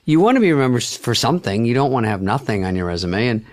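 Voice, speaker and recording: A man telling a story with dry, wry humor and casual swearing as a guest in a relaxed chat. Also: mid-range voice, racing.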